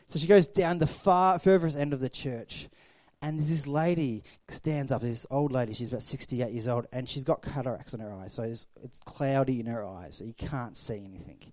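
A middle-aged pastor preaching a sermon, his voice mellow and relaxed. He moves between loud, lively storytelling and quiet, intimate passages. The sound is close and dry. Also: mid-range voice, brisk, hardly any pauses, no room sound.

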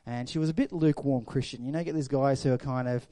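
A man, a pastor preaching a sermon, swinging between loud storytelling and hushed reflection. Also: medium pitch, fairly even intonation, quick pace, no room sound.

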